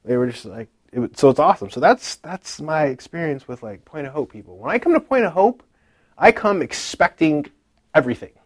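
A man's voice: on the high side, big pitch swings, brisk, slightly rough, no echo. A man giving a casual personal testimony at a conference. He tells his story in a chatty way, acting out what other people said and using many fillers like "like".

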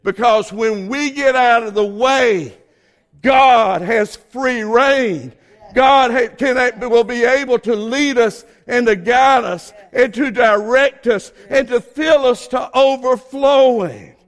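A pastor from the Southern United States preaches a sermon in a notably high voice with a Southern accent. His delivery is slow, folksy and fervent, dragging out key phrases and lifting them to ringing peaks.

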